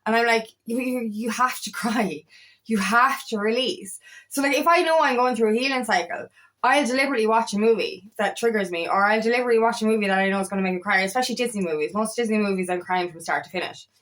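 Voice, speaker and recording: A woman's voice: a little high, very fast, fairly bright tone. Chatty, emphatic woman coach. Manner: chatty and emphatic, repeats phrases, casual swearing. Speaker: feminine empowerment coach. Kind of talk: casual motivational talk to camera.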